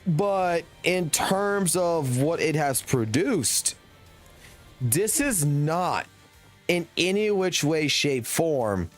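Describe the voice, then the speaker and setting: Male game streamer, fairly high voice, cussing rant, faint music underneath. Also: animated, extremely slow. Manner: blunt, heavy swearing, slangy. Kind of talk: casual ranting commentary.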